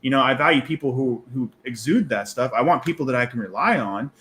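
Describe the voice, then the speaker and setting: A man co-hosting a podcast, talking fast and animated, with profanity. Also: mid-range voice, a little hiss or hum. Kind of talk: casual podcast chat.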